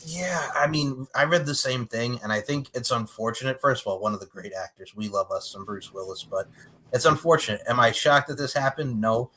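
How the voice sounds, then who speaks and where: Husky laid-back podcast co-host. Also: male voice, mid-range voice, fairly quick, sharp tone, rough recording. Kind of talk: casual podcast banter.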